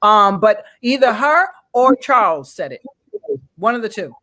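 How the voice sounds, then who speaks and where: A woman's voice: medium pitch, expressive, a little slow, pushed and bright. A woman on a casual panel chat, giving blunt, opinionated takes.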